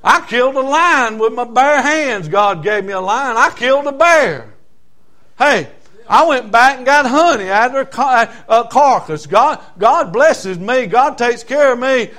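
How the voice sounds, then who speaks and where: A man's voice: very high voice, lively intonation, unhurried, sharp tone, voice pushed up, exaggerated voice. A man with a Southern US accent voicing a fearless, eager young shepherd boy. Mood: defiant. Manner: eager, defiant.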